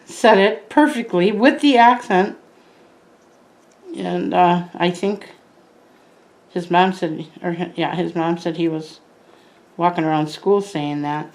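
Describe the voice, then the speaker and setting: An older woman with a lowish, gravelly voice talks to the camera indoors at home. Her chat is rambling and friendly, full of side stories and self-corrections. She sounds like a plant vlogger talking her viewers through her work. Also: a little mellow, poor audio.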